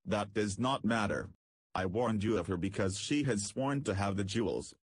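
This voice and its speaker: A man voicing a dying old male spaceman who speaks in a hoarse, fervent whisper. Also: lowish voice, normal speed, no echo. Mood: urgent.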